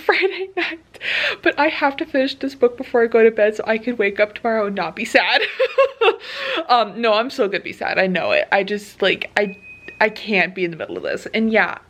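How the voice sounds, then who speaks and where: Young woman vlogging at home at night, kinda teary, highish voice. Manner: emotional and expressive, laughing between words. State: teary, close to crying. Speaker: book vlogger. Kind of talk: casual vlog chat. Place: home at night, dim room.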